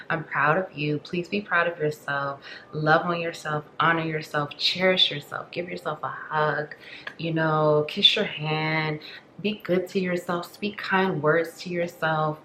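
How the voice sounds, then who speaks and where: A woman giving a spiritual tarot reading in an affectionate, rambling way, full of "like" and "you know", at times dropping into soft whispers. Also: low voice, roomy sound, slight background noise, rough recording. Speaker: tarot reader.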